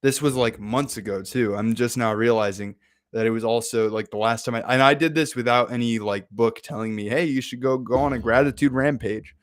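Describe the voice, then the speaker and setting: Playful, animated young man telling a story. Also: medium pitch, fairly quick, dry recording, clean studio sound. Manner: animated, playful, laughs and acts out his own excited exclamations. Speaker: podcast host. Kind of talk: casual personal storytelling.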